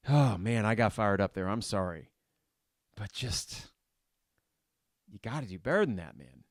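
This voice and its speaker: Male podcast host, low voice, dry sound; live play-by-play, blunt and cussing. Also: dry recording. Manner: blunt and frustrated, shouts at players; swears casually. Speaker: podcast host reacting live to a basketball game.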